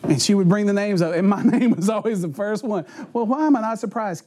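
High-voiced man preaching with stories. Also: fairly quick. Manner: animated, acts out voices and sounds; laughs often while telling stories. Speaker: pastor. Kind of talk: sermon with humorous storytelling.

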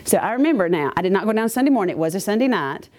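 Lively woman telling a church testimony. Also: mid-range voice, rapid-fire. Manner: chatty, animated storytelling with asides. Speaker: church member giving a testimony. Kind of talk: personal testimony to a church congregation.

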